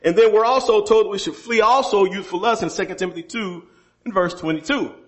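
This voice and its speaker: A high-voiced man preaching to his congregation. He keeps asking them questions and leaps upward for emphasis before sinking back down low. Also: a little fast, fairly bright tone. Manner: preacherly, rises sharply for emphasis then drops low; engages the congregation with rhetorical questions. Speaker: pastor. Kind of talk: sermon.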